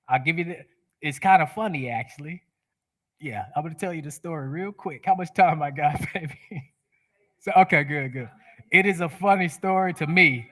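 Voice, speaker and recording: A man giving a spiritual sermon to a congregation, telling a personal story with animation and laughing at himself. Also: fairly high pitch. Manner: animated, laughs at his own stories. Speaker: guest speaker. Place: church sanctuary.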